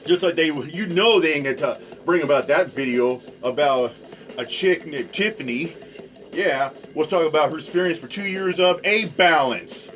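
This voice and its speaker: A man hosting his own podcast, ranting casually in a rambling, profane way that swings between mutters and loud outbursts. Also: a little high, moderate pace. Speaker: podcast host. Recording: dull lo-fi sound with faint music.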